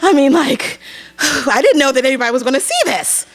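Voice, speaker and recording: A woman's voice: sits high, a little fast. A young woman from Pennsylvania tells a personal story live on a theater stage, acting out the voices of the people in it. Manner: animated, acts out other people's voices.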